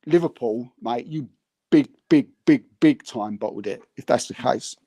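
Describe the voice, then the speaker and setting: A man's voice: mid-range voice, normal speed, warm tone, dry recording. A man, a podcast co-host in casual football chat, talking in a rambling, heated, mocking way and repeating words.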